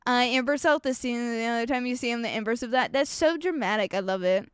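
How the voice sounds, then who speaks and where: A young woman with a high voice talks to her live-stream chat, swearing freely and ranting in an animated way. The sound is dry and close, with no room around her. She jumps between stories and chat messages. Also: fast talker, smooth, no room sound. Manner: reads and answers chat messages.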